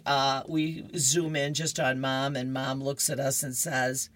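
A woman's voice: a bass voice, level tone, slow, hardly any pauses. A woman reading comic strips aloud on radio, chatty with laughing asides. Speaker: radio reader.

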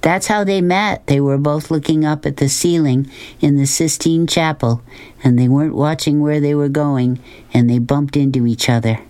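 A man voicing a fierce, bold young girl in a storybook reading, slow and insistent. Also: fairly high pitch, fairly even intonation, a little mellow, clean tone, voice pushed up, natural voice. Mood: wistful.

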